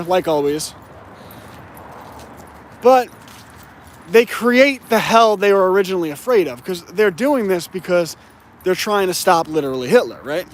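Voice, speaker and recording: A man delivering an opinionated political monologue, slowing down to stress his key points. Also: high voice, slight background noise. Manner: emphatic, slows down to stress key words. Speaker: political commentator.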